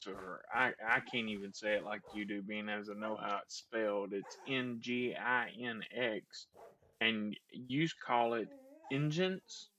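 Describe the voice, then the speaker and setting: A man's voice: fairly low pitch, fairly even intonation, a little slow, pushed and bright. A man hosting a gameplay video, chatting casually in a hesitant, rambling way with many restarts. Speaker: gameplay host. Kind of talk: casual chat while playing.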